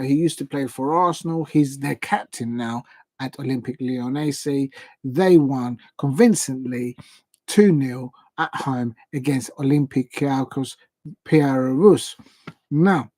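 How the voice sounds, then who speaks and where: A man's voice: a little high, a little mellow, dry recording. A man hosting a live football watch-along stream, recapping the day's results in a chatty, rambling way and stumbling over player and club names.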